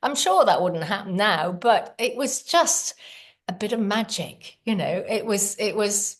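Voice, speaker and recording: A middle-aged woman, a podcast guest, telling her story in an earnest, animated way. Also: mid-range voice, unhurried. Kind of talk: casual storytelling.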